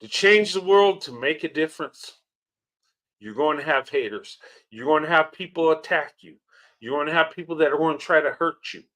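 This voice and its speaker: Man, fairly high voice, host, reaction commentary, earnest, heartfelt, laughs often. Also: normal speed, fairly bright tone. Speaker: channel host reacting to clips.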